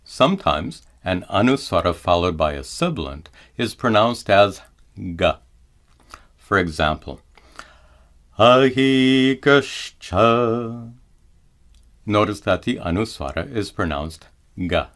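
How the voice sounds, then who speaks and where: A man teaching mantra pronunciation in a careful scripted lesson, slowing down to chant each example. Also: low voice, expressive, a bit bright. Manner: slow, careful explanation with drawn-out chanted examples.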